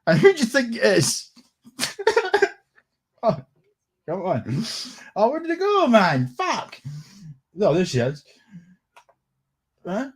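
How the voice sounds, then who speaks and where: A man's voice: high voice, huge pitch swings, takes it slowly, pauses often, husky. A man with a Scottish accent doing a sweary, scornful casual rant on a live stream, laughing often. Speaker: livestream commentator.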